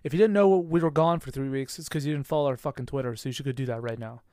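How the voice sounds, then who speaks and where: A man's voice: medium pitch, racing, dry recording, clean studio sound. A young man co-hosting a podcast, telling stories in casual chat, swearing freely and laughing often. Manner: profane, animated storyteller, laughs often. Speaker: podcast co-host.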